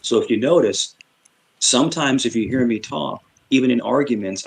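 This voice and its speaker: A middle-aged man from Queens with a New York accent talks in a casual group chat on a stream. He jumps between rapid bursts and a slowed, calming tone, and uses a lot of fillers along the way. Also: mid-range voice, gravelly, rough recording. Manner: switches between fast-talking and slow, calm delivery; chatty, with many fillers. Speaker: stream panelist.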